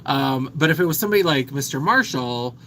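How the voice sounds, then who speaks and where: A man's voice: medium pitch, animated, fairly quick, fairly bright tone, a little hiss or hum, poor audio. A man in his thirties hosting a casual makeup livestream, chatting and reading viewer comments aloud. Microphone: phone.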